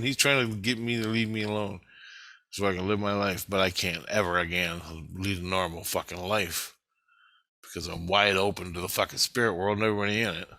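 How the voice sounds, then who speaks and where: A man's voice: fairly low pitch, pushed and bright, no room sound. A middle-aged man in an agitated, rambling vlog monologue, swearing heavily.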